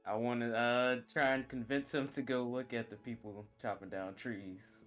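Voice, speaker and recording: A man's voice: mid-range voice, fairly even intonation, normal speed, fairly bright tone, soft background music. A man as a player in a tabletop game, talking hesitantly with many fillers.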